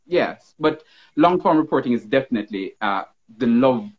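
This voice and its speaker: Husky Jamaican male reporter. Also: mid-range voice, expressive, moderate pace, lo-fi sound. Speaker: TV news reporter. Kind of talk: casual panel chat.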